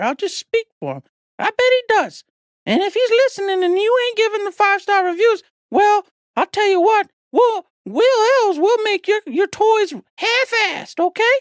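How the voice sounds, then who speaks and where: A man's voice: very high voice, dry recording, voice pushed up. A man putting on the voice of a chatty, grumbling male Christmas elf who rambles in a folksy, pleading way during a comic podcast bit. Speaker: podcast host.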